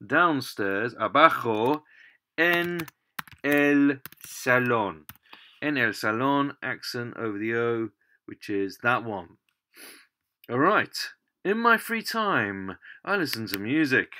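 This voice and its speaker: A man's voice: medium pitch, expressive, slow, bright, forceful tone. A man teaching a language lesson, explaining patiently while typing at a computer. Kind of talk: screen-recorded language lesson.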